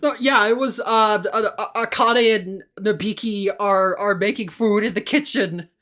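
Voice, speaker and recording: A woman's voice: medium pitch, moderate pace, fairly bright tone. A woman co-hosting a podcast in casual chat, retelling a story with lots of restarts and stumbles. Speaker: podcast co-host.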